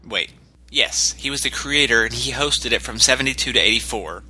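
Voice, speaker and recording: Very bright-voiced man explaining. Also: medium pitch, moderate pace, husky. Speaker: podcast co-host. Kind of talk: casual chat.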